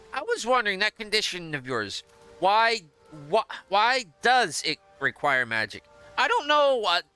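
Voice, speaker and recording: A man's voice: sits high, sharp tone, clear, resonant tone. A man giving casual, rambling gameplay commentary and reading out dialogue choices, often hesitating and restarting. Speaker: gameplay streamer.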